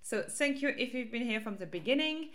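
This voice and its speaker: A woman's voice: a little high, animated, fairly quick, fairly bright tone. A woman with a French accent hosting her own podcast as a life coach, talking casually and upbeat with fillers and restarts.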